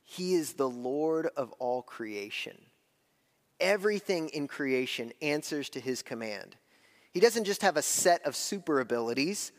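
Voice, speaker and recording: A fairly high-pitched male preacher delivering a sermon in a sanctuary with a long, ringing reverb. He talks conversationally, slowing right down to stress key phrases, then rushing through asides to the congregation. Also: expressive. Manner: conversational preaching, shifting between slow emphasis and quick asides. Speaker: pastor.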